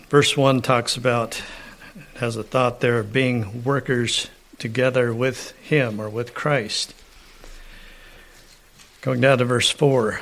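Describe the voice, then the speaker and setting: A man preaching a sermon. He clears his throat often and reads scripture aloud with rising emphasis. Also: medium pitch, fairly even intonation, fairly bright tone. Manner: slow, unhurried preaching with frequent throat clearing.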